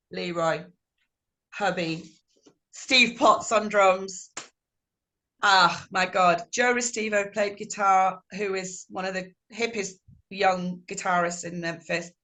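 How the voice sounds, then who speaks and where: A middle-aged woman singer telling stories in a video call interview, acting out quotes with animation. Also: medium pitch. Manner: animated, warm storytelling with acted-out quotes.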